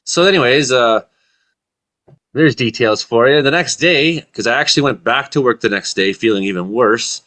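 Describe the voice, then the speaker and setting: A man hosting a comedy talk show, telling rambling deadpan stories in a casual chat. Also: mid-range voice, moderate pace. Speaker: comedy weather show host.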